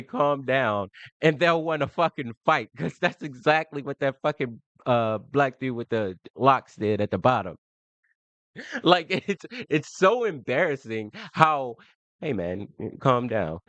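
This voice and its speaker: A man's voice: mid-range voice, fairly bright tone, dry recording. A man talks over a clip he is watching, swearing freely and sounding exasperated. The sound is dry and a little muffled, like a stream capture. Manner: crude, exasperated, laughing at the clip. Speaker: streamer reacting to a debate clip. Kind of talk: casual reaction commentary.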